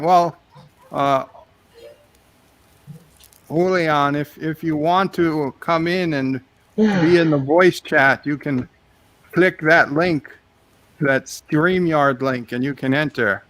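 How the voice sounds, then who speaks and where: Slow-talking male game streamer. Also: a little high, a bit bright. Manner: chatty, reads viewer messages aloud. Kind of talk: casual live-stream chat.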